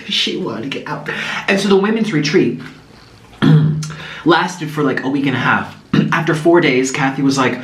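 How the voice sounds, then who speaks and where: A man hosting a mukbang, telling gossipy stories in an animated way. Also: a little high, measured pace. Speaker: host. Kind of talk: casual storytelling during a mukbang. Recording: echoey room with faint noise.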